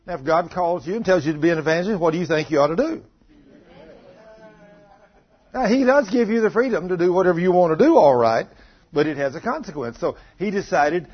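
A man preaching a storytelling sermon to a congregation, moving from hushed asides to loud pleading quotes. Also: high-pitched, expressive, quick pace, slightly rough, dull audio. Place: church before a congregation.

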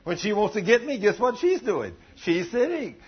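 Husky high-voiced folksy preacher man. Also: big pitch swings, moderate pace, highs cut off. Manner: folksy, conversational, joking with the congregation. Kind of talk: sermon.

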